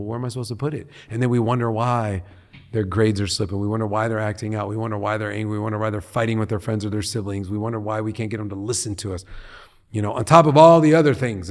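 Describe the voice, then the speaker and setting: A middle-aged man from Long Beach, California, talking as a guest on an interview podcast in an earnest, animated way. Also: lowish voice. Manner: earnest and animated, often acting out what people say. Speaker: guest, head of a nonprofit.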